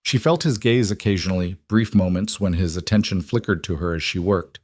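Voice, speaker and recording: A man reading a story aloud in a measured, even way. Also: sits low, no room sound, studio quality. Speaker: narrator. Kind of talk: scripted story narration.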